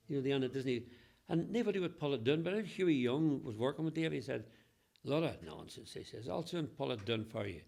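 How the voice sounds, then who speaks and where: A man's voice: mid-range voice, creaky, a little mellow. An older man, telling local anecdotes to a group and laughing at his own jokes. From Northern Ireland. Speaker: local storyteller.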